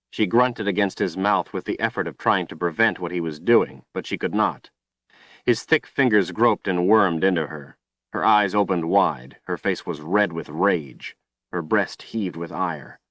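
A man reading an audiobook in steady, grave scripted narration on a close studio mic. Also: low-pitched, no room sound.

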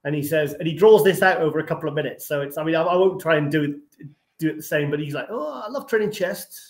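Fast-talking man in an echoey room. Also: a little high, steady tone. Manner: rapid, rambling, lots of "I mean" restarts. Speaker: guest, tour organizer. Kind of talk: casual storytelling chat.

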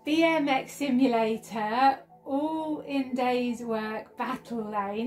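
A woman vlogging an unboxing and playing a retro game at home, gushing, squealing and laughing often. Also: high-pitched. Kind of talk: excited unboxing and gameplay chat. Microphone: phone.

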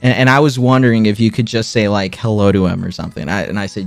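A young man in his twenties chatting casually to his stream viewers, excitable, swinging his pitch up and down and repeating himself as he retells a story. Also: fast talker, vocal fry, hardly any pauses, no room sound, faint music behind.

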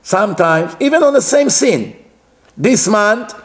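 A rabbi delivers a religious lecture in a fairly high male voice. He is animated, asks rhetorical questions and acts out little dialogues to make his points. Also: measured pace.

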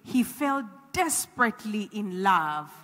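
A woman's voice: mid-range voice, very animated, measured pace, a bit bright. A woman preaching, earnest and exhorting, repeating phrases for emphasis. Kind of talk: church teaching on scripture. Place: church hall. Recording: echoey hall.

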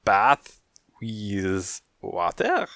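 A suave, courtly tomcat with a French accent, as a male audiobook reader puts him on. He speaks slowly and elegantly, each word persuasive. The voice sits low and the sound is dry and close. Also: huge pitch swings, bright, forceful tone, dry recording, full character voice. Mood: smooth, persuasive. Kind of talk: audiobook character voice.

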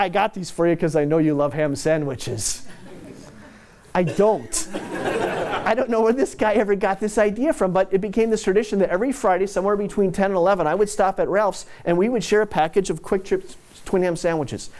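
A man's voice: high-pitched, darkish tone. A man giving a conversational keynote talk built around anecdotes, with casual, self-deprecating asides. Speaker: corporate speaker.

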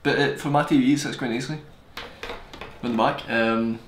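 Speaking quickly in a mid-range, steady voice, a man gives a casual, rambling tech review full of jokes and digressions. The sound is roomy and echoey, with a faint hiss underneath.

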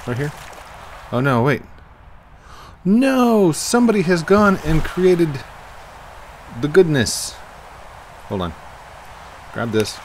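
A man rambling excitably through casual gameplay commentary into a desk microphone, putting on a playful accent, with lots of fillers and laughs. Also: medium pitch, slight background noise. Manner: talks in a put-on playful accent. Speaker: gamer hosting his own channel.

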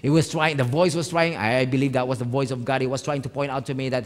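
Pastor preaching in a reverberant hall. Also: male voice, medium pitch, steady tone, fast talker, few pauses. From Philippines. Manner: storytelling, swings from hushed to loud emphatic. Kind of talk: sermon. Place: church hall.

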